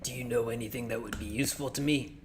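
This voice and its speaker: A man voicing a gruff police officer who hunts monsters, asking questions in a deliberate, stern manner. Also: mid-range voice, steady tone, noisy background, lightly acted. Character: gruff male cop hunting monsters.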